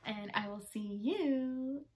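A woman's voice: on the high side, slow pace, heavy background noise. A woman giving a casual tarot reading, chatty and bubbly, rambling with fillers and playful asides. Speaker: tarot reader.

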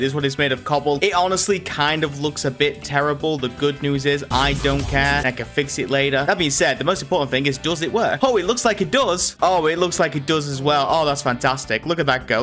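A man's voice: fairly high pitch, a bit bright. A man giving casual, rambling, self-mocking commentary while playing a video game. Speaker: gaming video host.

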